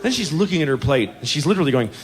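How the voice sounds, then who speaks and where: A man in his forties doing stand-up comedy, with animated, profane storytelling full of exasperated self-mockery. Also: a little high, very fast, some chatter behind. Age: 40s. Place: stage before a laughing audience. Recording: noisy live recording with audience laughter.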